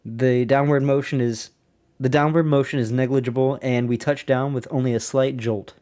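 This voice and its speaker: A man's voice: medium pitch, moderate pace. A man hosting a casual podcast, reading an old diary aloud in a plain middle voice. He keeps breaking off to ask his listeners if they are following, sounding incredulous. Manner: animated, incredulous asides to listeners. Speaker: podcast host.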